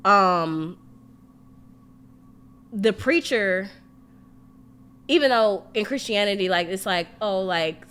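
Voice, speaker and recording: Frank, animated woman podcast host. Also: medium pitch, slow, pauses often, smooth. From family roots in Mississippi and Louisiana. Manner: animated, frank, swears freely, many "like" fillers. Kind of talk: casual podcast chat.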